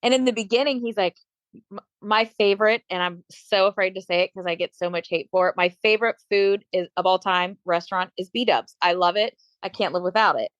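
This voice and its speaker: A chatty woman in her late thirties or forties, a bodybuilder and fitness coach, telling stories on a podcast and playing out both sides of each conversation. Her voice sits in an ordinary middle pitch. The sound is dry and close, with no room echo. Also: a little fast, muffled recording. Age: late 30s or 40s. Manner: chatty storyteller, acts out quoted dialogue. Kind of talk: casual chat.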